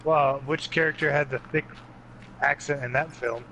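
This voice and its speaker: A man with a Californian accent, co-hosting a casual podcast, teasing and swearing with drawn-out fillers. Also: a little high, steady tone, pushed and bright. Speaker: podcast co-host. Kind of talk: casual banter. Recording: clear background noise.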